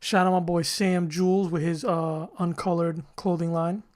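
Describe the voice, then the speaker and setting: A young man co-hosting a podcast in casual banter, relaxed, with fillers. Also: on the high side, normal speed. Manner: relaxed, hesitant with fillers, giving shout-outs. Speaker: podcast co-host.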